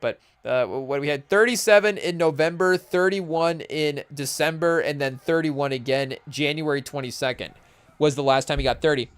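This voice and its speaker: A man hosting a podcast, reacting excitedly and rambling through casual live commentary on a game, with lots of "hey, yo" interjections. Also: high-pitched, clear, resonant tone. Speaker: podcast host.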